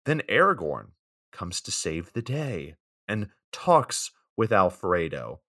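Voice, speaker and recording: A man's voice: sits low, sing-song, slow, a bit bright. A young man co-hosting a podcast, recapping a movie's plot in a laid-back way with fillers and side comments.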